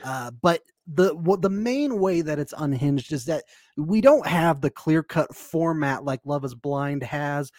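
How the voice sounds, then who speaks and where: A man co-hosting a podcast, chatting slowly about a reality show, laughing often and chiming in briefly. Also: a little high, animated, a little mellow, dry recording, clean studio sound. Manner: slow, laughs often, short agreeing replies. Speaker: podcast co-host. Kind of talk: casual chat about reality TV.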